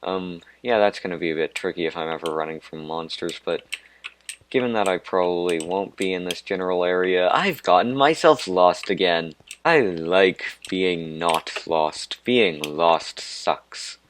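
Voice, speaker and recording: Male let's-play host, deep and unhurried, wanders off on tangents and pokes fun at himself. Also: a little hiss or hum. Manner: rambling, digressive and self-mocking. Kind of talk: gameplay commentary.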